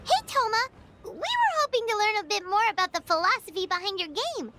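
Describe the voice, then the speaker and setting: A woman voicing a tiny, excitable female fairy companion in a game, who talks about herself in the third person. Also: extremely high pitch, brisk. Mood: chirpy. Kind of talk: game voice acting. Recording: game audio with audible background noise.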